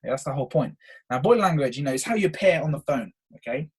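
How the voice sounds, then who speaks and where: A man's voice: a little high, expressive, fast, darkish tone, slightly rough. A young man hosting a solo podcast, talking with eager energy and peppering his points with "okay". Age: young adult. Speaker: podcast host. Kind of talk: solo motivational podcast talk.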